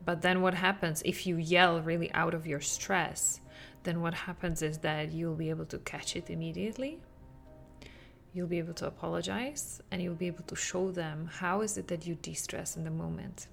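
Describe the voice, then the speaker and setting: Gravelly-voiced woman podcast host. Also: lowish voice, moderate pace, soft background music. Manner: animated, acts out quotes with laughs. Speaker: podcast host, parenting coach. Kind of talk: podcast monologue.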